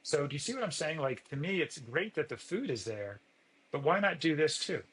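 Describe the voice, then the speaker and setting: A man's voice: a little high, sing-song, brisk, fairly bright tone, poor audio. A man, a physician guest on a podcast, explaining earnestly and acting out sample dialogues in a lifted voice.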